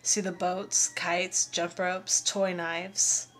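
A woman's voice: on the low side, level tone, drawn-out words, heavily acted. Woman doing an ancient dusty mummy man. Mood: solemn. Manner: urgent hushed whispering. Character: ancient dusty male mummy, old and wise.

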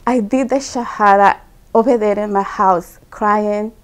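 A woman's voice: mid-range voice, steady tone, measured pace. A woman telling her personal story as a guest. She uses simple, non-native English phrasing, speaks earnestly and with emotion, and repeats words for emphasis.

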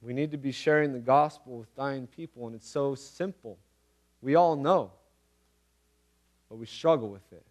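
A man's voice: medium pitch, moderate pace, pauses often, darkish tone. A man preaching a casual, conversational sermon, earnest and repeating phrases for emphasis, with everyday slang. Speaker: pastor.

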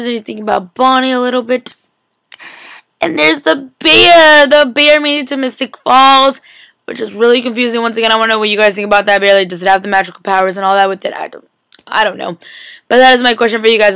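A woman's voice: fairly high pitch, quick pace, fairly bright tone, clear, resonant tone, no room sound. Sleepy, giggly young woman on a webcam. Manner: rambling, giggly, heavy use of "like". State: sleepy, filming at four a.m. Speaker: TV recap vlogger. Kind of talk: casual chatty recap. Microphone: laptop webcam mic.

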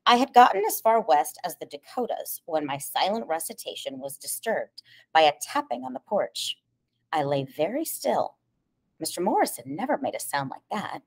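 Low-voiced woman reading an audiobook. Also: big pitch swings, moderate pace. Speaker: audiobook narrator. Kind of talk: first-person audiobook narration.

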